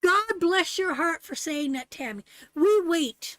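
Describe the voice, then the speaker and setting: High-pitched woman, middle-aged, from Canada, tarot reader on a live stream, blunt and salty, dry close sound. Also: lively intonation, measured pace, a bit bright, dry recording. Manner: blunt, salty, preachy pep talk to viewers.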